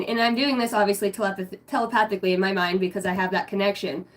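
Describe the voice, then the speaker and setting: A young woman running a casual livestream chat, excitable and swearing freely, dropping low and hushed when she prays. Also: fairly quick. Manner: excitable, swearing, bursts of loud laughter. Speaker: spiritual reader streaming live.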